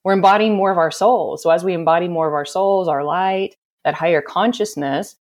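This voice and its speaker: A woman's voice: on the low side, fairly quick, a little mellow. A woman guest speaking about self-love in an emphatic, heartfelt way, with frequent "like" fillers. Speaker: podcast guest. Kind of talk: spiritual self-help conversation.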